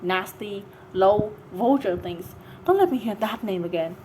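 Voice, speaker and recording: A woman voicing a small, easily offended male mouse in a shrill, passionate voice for a storybook reading. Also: measured pace, dark tone, slight background noise, natural voice, poor audio. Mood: disgusted.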